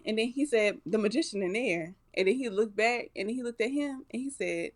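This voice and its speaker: A woman's voice: fairly high pitch, expressive, fairly quick, few pauses, darkish tone. A woman co-hosting a casual chat, retelling a cartoon and acting out the characters' lines. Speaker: podcast co-host.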